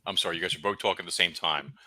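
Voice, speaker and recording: A man's voice: low voice, fairly even intonation, very fast, pushed and bright, dry recording, poor audio. A man with a Brooklyn accent, a guest author chatting and telling stories animatedly, often stammering and repeating words. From Brooklyn, New York. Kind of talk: casual storytelling chat.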